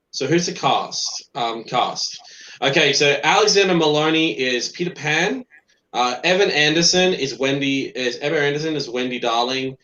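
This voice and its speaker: A man chatting casually about films on a podcast, sleepy and yawning yet prone to excited outbursts. His voice sits mid-range and sounds roomy and a bit dull, as if taken in an echoey home room on a modest mic. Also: a little high. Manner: animated, excitable outbursts, reads news aloud. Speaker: podcast co-host. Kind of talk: casual chat about movies.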